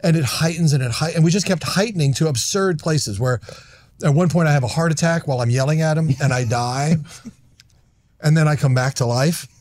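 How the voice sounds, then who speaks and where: Animated middle-aged male storyteller. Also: on the high side, a little fast. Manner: animated, acts out lines in loud put-on voices. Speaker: actor and comedian guest. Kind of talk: casual storytelling chat.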